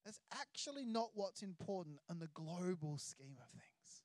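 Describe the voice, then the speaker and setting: An Australian pastor preaching a sermon, emphatic, stretching key words out slowly. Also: medium pitch, sing-song, a little mellow, no room sound.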